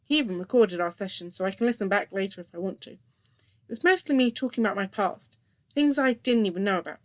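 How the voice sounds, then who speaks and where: A woman narrating a first-person story in a steady, scripted reading voice. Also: mid-range voice, fast, no room sound.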